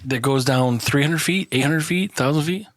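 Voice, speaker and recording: A man's voice: fairly high pitch, moderate pace, fairly bright tone, dry recording. A man co-hosting a podcast in a casual chat over beers, swearing freely, laughing often and telling stories with lots of animation. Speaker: podcast co-host.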